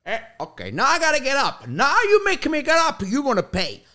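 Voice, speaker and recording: A man's voice: fairly high pitch, animated, moderate pace. His hollering immigrant dad. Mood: irritated. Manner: yelling, broken English. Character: hot-tempered immigrant dad, middle-aged man, shouting in broken English.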